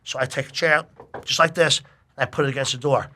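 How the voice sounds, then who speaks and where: A middle-aged man telling a long personal story in casual chat, animated and full of swearing. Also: mid-range voice, quick pace.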